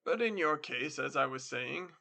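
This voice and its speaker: A man reading the part of a polite, sly male devil who deals in souls, with a smooth, mocking courtesy. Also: on the high side, expressive, moderate pace, pushed and bright, full character voice.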